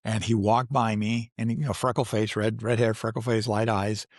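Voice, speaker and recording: A man's voice: on the low side, little pitch movement, normal speed, no room sound, studio quality. A man in his sixties, an actor as a guest, telling stories in a casual interview, rambling, restarting often and laughing as he goes. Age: 60s.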